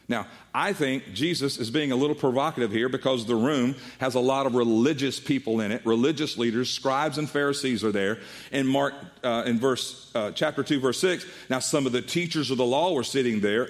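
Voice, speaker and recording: A middle-aged man preaching a sermon as a pastor, telling a Bible story with animated delivery and acting out the voices of the people in it. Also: mid-range voice.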